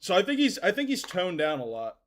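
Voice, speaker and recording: A man's voice: high voice, wildly swooping pitch, brisk, a bit bright. A young man casually chatting while livestreaming a game, rambling in slang and swearing freely. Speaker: game streamer.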